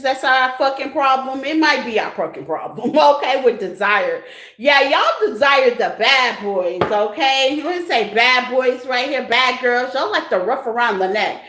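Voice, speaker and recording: Woman tarot reader, high voice, frank and giggly, roomy echo. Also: noisy background. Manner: laughs often, frank and profane, says "okay?" constantly. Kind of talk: casual tarot reading to viewers.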